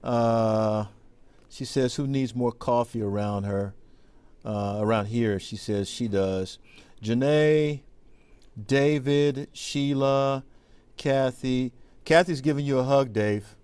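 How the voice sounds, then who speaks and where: A man's voice: mid-range voice, slow pace, clear, resonant tone, no room sound. Laid-back, slangy male sports anchor. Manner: laid-back, slangy, warm to his co-host. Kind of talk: casual on-air chat. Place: TV studio.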